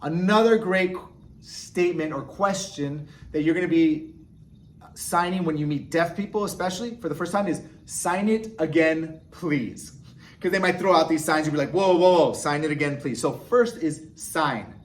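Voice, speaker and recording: A man with a fairly high-pitched voice explains signs to learners one step at a time. He talks patiently and pauses often to check in with a quick "okay?" before moving on. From United States. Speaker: sign language teacher. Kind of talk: instructional explanation.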